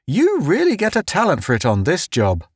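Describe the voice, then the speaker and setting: A man's voice: high-pitched, wildly swooping pitch, normal speed, husky, no echo, studio quality, pitched above the performer's own voice, full character voice. A man reading an audiobook, voicing a cheerful, teasing male officer who giggles and jokes. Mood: jovial.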